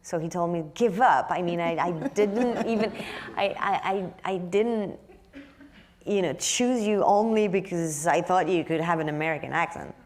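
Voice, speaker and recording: A woman's voice: lowish voice, normal speed, darkish tone, slight background noise. A woman from France speaking with a French accent in an onstage interview, often restarting and searching for words. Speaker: actress guest.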